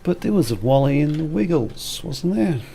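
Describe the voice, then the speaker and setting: A man's voice: a little high, big pitch swings, normal speed, vocal fry, dark tone, husky, faint music behind. A man streaming a game, chatting casually in a rambling, jokey way with muttered asides. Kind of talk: casual gameplay stream commentary.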